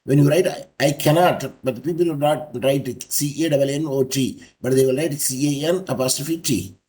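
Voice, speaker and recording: A man teaching an online law class, explaining slowly and spelling out letters one by one. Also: medium pitch, warm tone. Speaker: law lecturer. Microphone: video call.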